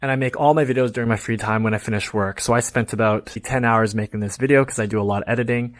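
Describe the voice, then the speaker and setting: A man's voice: medium pitch, fairly even intonation, fast talker. A man filming himself in a shopping mall, giving sarcastic mock-outraged commentary with little chuckles. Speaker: vlogger. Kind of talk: satirical vlog, walking tour.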